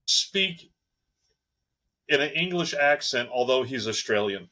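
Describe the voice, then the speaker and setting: A man's voice: medium pitch, expressive, measured pace, bright, forceful tone, rough recording. Storytelling man in a podcast chat. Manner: storytelling, acts out quoted exchanges. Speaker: podcast co-host. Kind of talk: casual chat.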